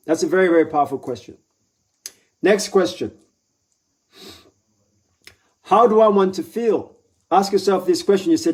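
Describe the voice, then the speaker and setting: A man's voice: high-pitched, lively intonation, a little fast, darkish tone. A man giving a live motivational talk in a conversational way, who often acts out his own inner voice and keeps checking in with his listeners. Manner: conversational, asks for agreement with repeated tags. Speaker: motivational speaker.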